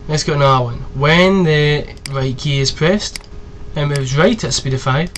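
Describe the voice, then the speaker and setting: Brief: young man in his twenties, higher pitch, casual swearing tutorial host, faint background hiss. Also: normal speed, fairly bright tone. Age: 20s. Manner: chatty, rambling, swears freely. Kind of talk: casual screen-recorded tutorial.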